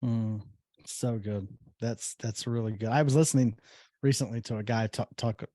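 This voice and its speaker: A man's voice: mid-range voice, fairly even intonation, moderate pace, dark tone, dry recording. A man hosting a spiritual podcast, telling stories in a casual way and affirming his guest. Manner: storytelling, affirming. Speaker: podcast host.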